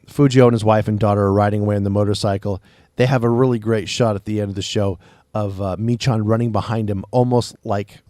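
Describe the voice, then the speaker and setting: Animated man recapping a movie, dry sound. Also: mid-range voice, no echo. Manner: animated retelling, acting out quotes. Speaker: podcast movie reviewer. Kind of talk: casual movie recap and review.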